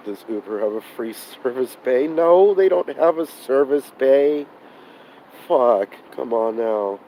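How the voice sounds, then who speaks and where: Sick guy ranting on a livestream by his car at night, hoarse, dark voice, swearing a lot, faint street noise. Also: medium pitch, expressive, takes it slowly, low-quality recording. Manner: frustrated, swearing, sighing, burnt out. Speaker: live streamer. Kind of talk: live-stream vlog, talking to chat. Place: outdoors beside a car at night.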